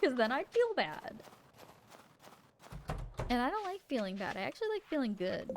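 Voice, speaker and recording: A woman's voice: high voice, very animated, normal speed, background noise. A woman streaming a farming game live, chatting playfully, giggling and talking to herself as she plays. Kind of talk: casual live gameplay chat. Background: game music.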